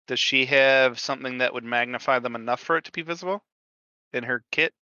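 A man's voice: mid-range voice, brisk, bright, forceful tone, smooth, no echo, highs cut off. A man playing in a tabletop horror game, asking hesitant questions full of fillers. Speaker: player. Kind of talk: casual tabletop role-play.

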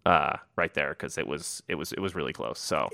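A man chatting casually about track results as co-host, halting and repeating words with lots of fillers. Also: a bass voice, gravelly, bright, forceful tone, dry recording, studio quality. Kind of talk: casual sports chat.

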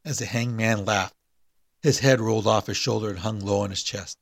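A man's voice: lowish voice, steady tone, normal speed, gravelly, no echo, studio quality. A man hosting a podcast, chatting hesitantly with many fillers and reading a spooky short story aloud. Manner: hesitant, full of fillers and restarts in chat.

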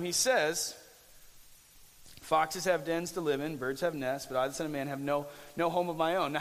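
A man's voice: fairly high pitch, in a large hall. A young man preaching a casual, conversational sermon as pastor, with restarts and jokey asides.

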